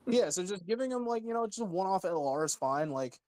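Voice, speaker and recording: A man's voice: sits high, lively intonation, quick pace, darkish tone. A man co-hosting a casual gaming chat, making rambling arguments full of fillers.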